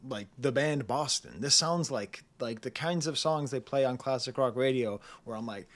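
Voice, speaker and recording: A man with a voice of ordinary middle pitch gives a casual spoken album review. He rambles from one thought to the next, tosses in jokey asides and laughs often as he talks. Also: moderate pace, hardly any pauses, fairly bright tone. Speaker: music reviewer, channel host.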